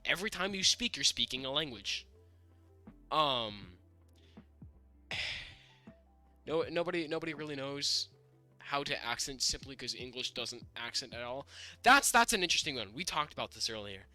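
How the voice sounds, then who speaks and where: A man's voice: mid-range voice, expressive, normal speed, pauses often, pushed and bright, soft background music. A young man from the northern United States, co-hosting a podcast in casual chat, rambling with many restarts and fillers, sounding a bit sick. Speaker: podcast co-host.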